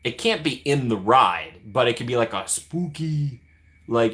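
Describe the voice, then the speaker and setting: A man's voice: mid-range voice, lively intonation, moderate pace, a bit bright. A man hosting a casual live stream, chatting with viewers by name and laughing often.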